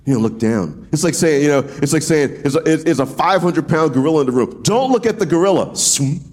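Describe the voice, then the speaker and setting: A man preaching a casual sermon, animated and slangy, acting out voices as he goes. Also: on the high side, brisk. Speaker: pastor.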